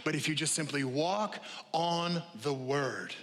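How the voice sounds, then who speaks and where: A man preaches a sermon in a church auditorium, his voice bright and a little high for a man, ringing with long hall reverb. He talks to the congregation conversationally, repeats his key lines for weight, and slips in light jokes. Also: unhurried, hardly any pauses. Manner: humorous asides to the congregation. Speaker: pastor.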